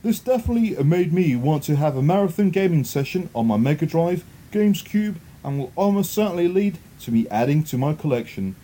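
A man's voice: fairly high pitch, very animated, a little fast, few pauses, dark tone. A man co-hosting a casual podcast, chatty and enthusiastic, laughing easily. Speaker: podcast co-host.

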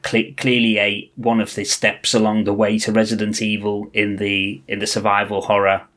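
A man's voice: lowish voice, moderate pace. A man co-hosting a podcast, chatting enthusiastically about retro games. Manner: enthusiastic, animated. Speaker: podcast co-host.

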